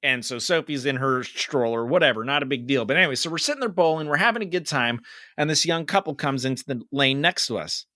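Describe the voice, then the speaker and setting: A man co-hosting a podcast, telling a story in casual chat, animated and swearing, getting loud when he quotes people. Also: mid-range voice, fast talker, no echo, clean studio sound. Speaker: podcast co-host.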